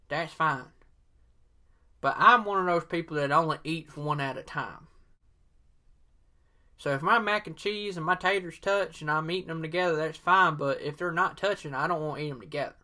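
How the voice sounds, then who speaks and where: Southern male podcast host, casual and opinionated, slightly high, forceful tone. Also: moderate pace. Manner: rambling, filler-heavy, opinionated. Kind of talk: casual solo podcast talk.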